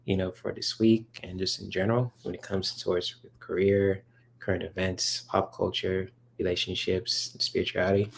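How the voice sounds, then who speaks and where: Low and full of vocal fry, this man's voice carries a casual livestream. He takes questions from the chat and answers in a rambling, filler-packed manner, excited about comics.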